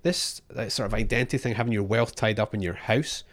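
A man's voice: on the low side, brisk. A man co-hosting a podcast, talking casually with many restarts and fillers. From Australia. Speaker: podcast co-host.

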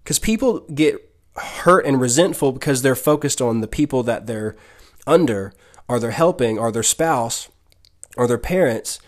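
A man gives a devotional talk on his podcast. He speaks earnestly, like a preacher, and addresses the listener directly with mid-range pitch. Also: expressive, moderate pace. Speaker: podcast host.

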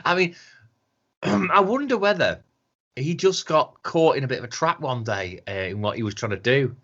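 A man's voice: medium pitch, animated, normal speed, a bit bright. A man co-hosting a podcast in a casual, mocking, sweary chat, often laughing. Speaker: podcast co-host. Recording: dull lo-fi sound.

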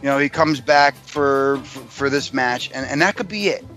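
A man co-hosting a wrestling podcast in casual chat, blunt and quick to get angry. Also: medium pitch, pushed and bright, soft background music. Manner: blunt, gruff, the angry one. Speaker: podcast co-host.

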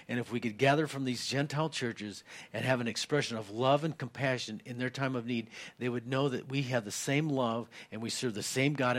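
Guy preaching a sermon, kinda low voice, chatty with lots of "you know", gets louder reading verses. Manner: conversational preaching, many fillers, rising intensity when reading scripture. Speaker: pastor.

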